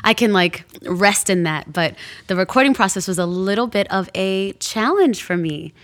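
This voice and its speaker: A woman's voice: medium pitch, animated, normal speed, a bit bright. Friendly female singer as a podcast guest. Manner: friendly, short agreeing replies, laughs easily. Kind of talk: casual interview chat. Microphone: studio mic.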